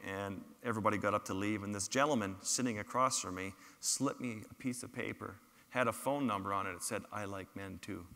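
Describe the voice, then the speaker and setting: A man's voice: on the low side, pushed and bright. A photographer giving a public talk, telling his field stories with humorous, self-deprecating asides. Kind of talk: storytelling lecture with slides. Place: large lecture hall. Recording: reverberant lecture hall.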